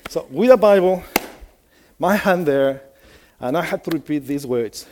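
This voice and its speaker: Chatty preacher man, mellow voice. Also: a little high, expressive, unhurried, long pauses. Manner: conversational storytelling, many fillers, asks the audience questions. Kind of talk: sermon.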